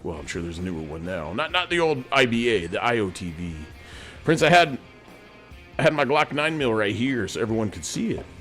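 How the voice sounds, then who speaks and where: Animated man rambling to "friends". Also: lowish voice, a little fast, soft background music. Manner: folksy, keeps calling the audience "friends". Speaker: show host in a sergeant major persona. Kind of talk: rambling monologue. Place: home studio.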